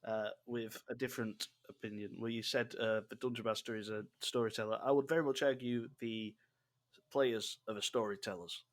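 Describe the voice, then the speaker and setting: A man's voice: fairly low pitch, steady tone, fairly quick. Chatty, opinionated male podcast guest. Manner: chatty and opinionated, laughs easily. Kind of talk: casual podcast chat.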